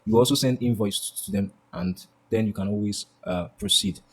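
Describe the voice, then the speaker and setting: A man's voice: on the low side, very animated, moderate pace, gravelly. A man teaching a sales lesson, often asking "do you understand?" and acting out sample lines. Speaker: sales course instructor.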